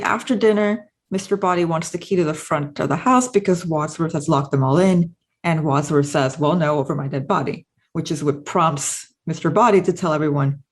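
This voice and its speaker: A woman's voice: fairly low pitch, a little mellow. Casual woman narrating a video essay. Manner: casual, analytical, explanatory.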